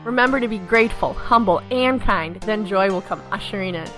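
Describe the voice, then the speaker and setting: A woman's voice: mid-range voice, fairly quick, over music. A woman in her thirties hosting a podcast, telling stories in an upbeat, casual way and acting out the voices of people she quotes. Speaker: podcast host. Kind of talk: casual storytelling monologue.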